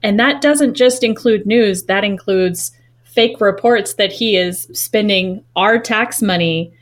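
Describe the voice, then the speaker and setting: A woman's voice: mid-range voice, slow. Earnest woman podcast co-host. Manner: earnest, building a point in long run-on phrases. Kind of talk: casual podcast discussion.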